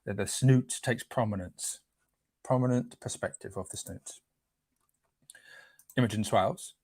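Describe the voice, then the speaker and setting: A man's voice: fairly low pitch, measured pace, a little mellow, husky, no echo. A man hosts a casual live stream, chatting playfully and tripping over names as he reads them out.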